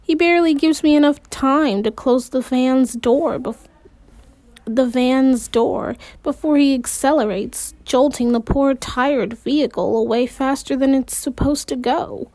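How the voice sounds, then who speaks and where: A woman's voice: high-pitched, a little slow, darkish tone, dry recording. Woman reading a story aloud, slips and restarts now and then, dry close sound. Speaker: amateur audiobook reader. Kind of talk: reading a novel aloud in first person.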